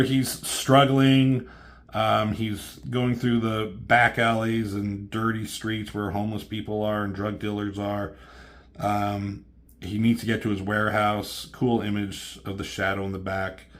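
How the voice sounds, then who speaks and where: A man with a fairly low voice talks through a comic book plot in a loose, casual way. He swears freely and keeps stopping and restarting with ums as he goes. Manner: rambling, profane, many ums and restarts.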